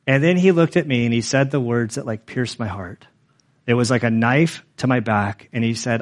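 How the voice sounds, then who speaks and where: A man's voice: mid-range voice, moderate pace. Earnest rambling male preacher. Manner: rambling, heavy on fillers, earnest. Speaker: pastor. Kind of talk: sermon testimony.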